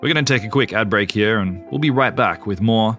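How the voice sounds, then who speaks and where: A man hosting an interview podcast, asking curious, quick follow-up questions. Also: fairly low pitch, loud music behind the voice. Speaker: podcast host.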